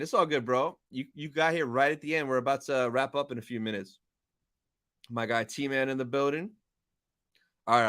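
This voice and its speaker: A young man hosting a live stream, chatting casually and excitedly while reading viewer comments aloud. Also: medium pitch, clean tone. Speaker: livestream host.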